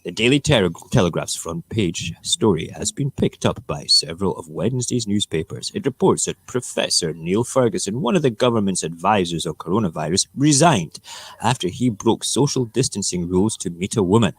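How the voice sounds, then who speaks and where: A man's voice: sits low, animated, brisk, breathy edge, no echo. Ranting man hosting a morning show. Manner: ranting, opinionated, rambling. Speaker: radio show host. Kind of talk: casual morning talk show rant.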